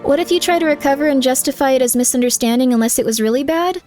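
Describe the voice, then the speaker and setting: A high-pitched woman talks casually to her live-stream audience, rambling through frank advice and answering chat as it comes in. She fills her speech with loose fillers, and soft music plays faintly underneath. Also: fast talker. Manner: rambling, candid advice full of "like", reacting to chat.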